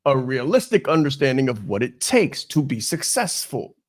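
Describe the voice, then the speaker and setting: A man's voice: medium pitch, big pitch swings, normal speed. A man hosting a business podcast as a coach, giving an emphatic motivational talk and repeating his key phrases.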